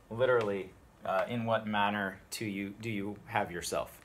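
A man teaching everyday spoken Latin phrases, explaining each one and repeating it slowly so learners can copy it. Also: lowish voice, steady tone, fairly bright tone, slight background noise. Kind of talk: spoken language tutorial.

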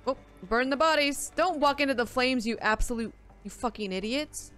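A woman with a somewhat high voice, talking through a game on a live stream. She is excitable and quick to swear, with frequent laughter breaking into her casual commentary. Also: faint music behind.

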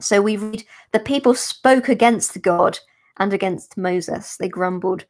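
A woman, a religious sister, explaining a gospel passage in a careful, unhurried teaching manner for a podcast. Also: mid-range voice. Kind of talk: podcast scripture commentary.

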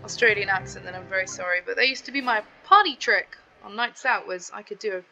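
A woman's voice: mid-range voice, lively intonation, brisk, sharp tone, soft background music, poor audio. A woman hosting a gaming channel, chatting casually to her viewers as she plays. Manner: chatty, talks straight to viewers. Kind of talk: casual gameplay commentary.

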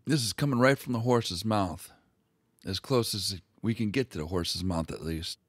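A man's voice: on the low side, normal speed, no room sound, clean studio sound. A man hosting a history video, retelling old documents in a casual, crude and irreverent way.

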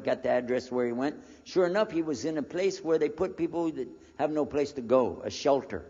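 An American man in his sixties telling a personal story as a preacher, animated and acting out the conversations he recalls. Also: mid-range voice, fairly quick, few pauses. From United States. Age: 60s. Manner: animated storyteller who acts out the dialogue. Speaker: preacher giving a lecture. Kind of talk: storytelling lecture. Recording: dull lo-fi recording in a reverberant hall.

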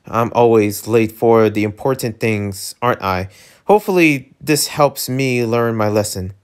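A man reading a gentle, let-down young man. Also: mid-range voice, a little slow, lightly acted. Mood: rueful. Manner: soft, apologetic.

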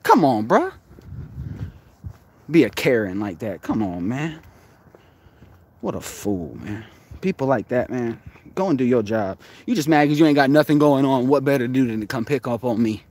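A man's voice: mid-range voice, very animated, moderate pace, long pauses, a little mellow, a little hiss or hum. A man on a live-stream vlog, arguing and then muttering to himself, recorded outdoors in a parking lot at night on a handheld phone. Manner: agitated, argumentative, muttering to himself. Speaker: live streamer exploring locations.

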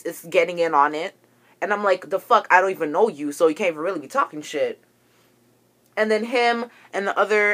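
A woman's voice: fairly low pitch, a bit bright. A young woman ranting to camera, agitated and profane as she tells a story about a falling-out. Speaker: vlogger.

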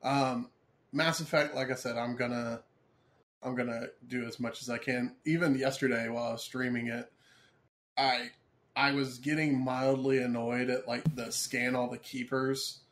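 A man co-hosting a casual gaming podcast, talking in a relaxed, rambling way. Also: mid-range voice, moderate pace. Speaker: podcast co-host. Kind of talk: casual chat.

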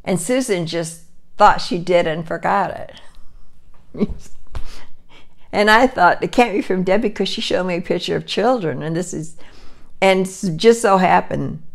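A woman in her sixties, host of her own channel, telling a rambling personal story in casual chat, with restarts and soft laughs. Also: on the low side, a little slow, gravelly, long pauses. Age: 60s.

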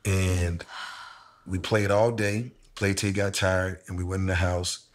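A middle-aged man in a candid conversation, telling a personal story slowly and reflectively with casual slang. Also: deep voice, flat delivery, slight background noise. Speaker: interviewee sharing a personal story.

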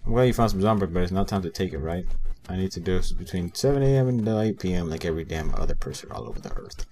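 A young man with a deep voice narrates his gameplay in a loose, rambling way, full of "um" and "like," and he talks back to the characters on screen. His pitch swings widely despite the low register. A faint hiss sits under the recording. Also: lively intonation, fast talker, mellow. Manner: rambling, many fillers, mutters to himself. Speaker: gameplay commentator. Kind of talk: casual let's play commentary.

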